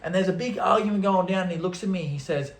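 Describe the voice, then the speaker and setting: A young man, a travel vlogger, telling a story casually to camera in an animated way, throwing in sound effects. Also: high-pitched, fast. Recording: roomy echo.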